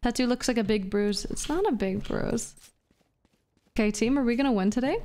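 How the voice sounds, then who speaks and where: A woman's voice: on the high side, moderate pace, dark tone. Foul-mouthed playful woman streamer. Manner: profane, playful, flirty banter with chat. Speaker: VTuber streamer. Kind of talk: casual live-stream chat while gaming.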